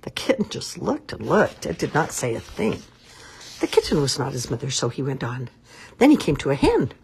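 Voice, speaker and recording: A woman reading a children's story aloud in an expressive, sing-song storybook manner. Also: rumbling low, normal speed, vocal fry, slight background noise.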